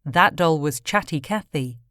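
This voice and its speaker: A woman's voice: low voice, lively intonation, fairly bright tone, dry recording. Woman narrating a documentary, dry sound. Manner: measured, informative. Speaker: podcast narrator.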